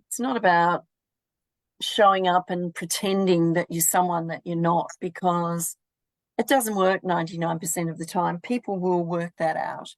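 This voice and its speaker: A woman radio host offers calm, encouraging reflections to her guest. Her voice sits a little low, and the sound is dry and close, with no room around it. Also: moderate pace, no echo, poor audio. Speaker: radio talk show host. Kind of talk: casual interview chat.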